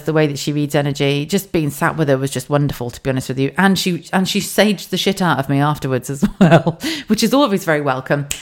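A low-pitched woman with an English accent talks through a casual solo podcast from her home office. She is chatty and open, drops swear words freely, and often breaks into laughs. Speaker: podcast host.

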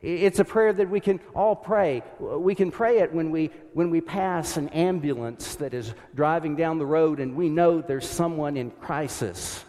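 A male preacher delivering a sermon from the pulpit at a slow, unhurried pace, his slightly high voice lingering in a church's long reverb. He speaks reflectively and lets his voice fall soft and low when he prays aloud. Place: church sanctuary behind a pulpit.

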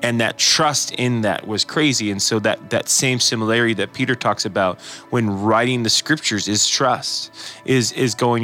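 A man's voice: medium pitch, normal speed, sharp tone, soft background music. A man co-hosting a casual faith podcast, rambling through his thoughts with frequent restarts and acted-out quotes. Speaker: podcast co-host. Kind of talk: casual chat.

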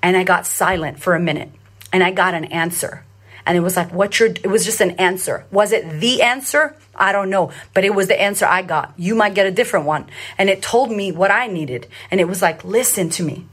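A woman's voice: on the low side, fairly quick, a bit bright. A woman who hosts and coaches on confidence, speaking bluntly and emphatically in a casual live-stream talk, repeating herself and swearing often.

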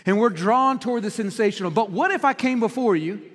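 A pastor with a high-pitched voice preaches straight to his congregation. He is earnest and questioning, and his words ring out through a long, echoing church hall. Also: brisk, a bit bright. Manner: earnest, direct address to the congregation with rhetorical questions. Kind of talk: sermon. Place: church auditorium.

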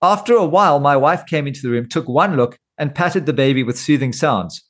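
A middle-aged man delivers a scripted monologue with a fairly high voice. He keeps a steady, explanatory tone laced with dry, self-mocking humor. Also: fairly quick. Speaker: host.

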